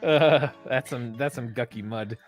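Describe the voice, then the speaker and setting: A man's voice: mid-range voice, measured pace, soft background music. A man reading memes aloud on a stream and laughing often, in a casual reaction chat.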